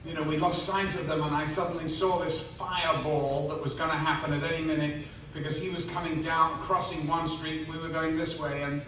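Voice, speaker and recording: A man's voice: on the high side, level tone, a little fast, bright, forceful tone, recorded from a distance, slight background noise. A man, telling a self-mocking story on stage to fans, acting out the voices of the people in it. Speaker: actor answering fan questions. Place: large convention hall. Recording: echoey hall, mic heard from afar.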